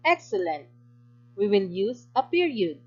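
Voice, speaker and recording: A woman teacher with a Filipino English accent, giving a recorded grammar lesson in a clear, instructive way and praising answers. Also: mid-range voice, very animated, unhurried, lo-fi sound, faint music behind.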